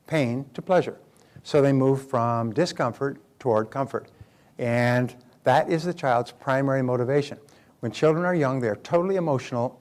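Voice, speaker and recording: A man's voice: medium pitch, darkish tone. An older man speaking as a motivational speaker, telling anecdotes in a conversational seminar talk with frequent restarts.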